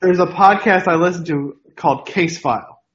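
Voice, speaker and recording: A man's voice: high-pitched, moderate pace, fairly bright tone. Rambling man on a dull, lo-fi podcast mic. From New York. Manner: rambling, self-interrupting, wanders into tangents. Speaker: podcast co-host. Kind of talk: casual chat.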